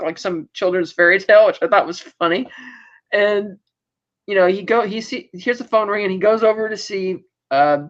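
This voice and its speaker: A woman co-hosting a podcast, telling the plot in a lively, casual way. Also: medium pitch. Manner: lively storytelling, quickly recapping plot. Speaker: podcast co-host. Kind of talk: casual podcast episode recap. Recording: dull lo-fi sound.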